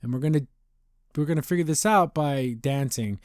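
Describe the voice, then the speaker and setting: A man with a fairly high voice gives a loose, chatty podcast recap of a cartoon episode. He circles back and restarts often, and keeps dropping into quick paraphrased impressions of the characters. The sound is dry and close, with no room around it. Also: sing-song, dry recording. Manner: rambling, loose retelling with frequent restarts and fillers.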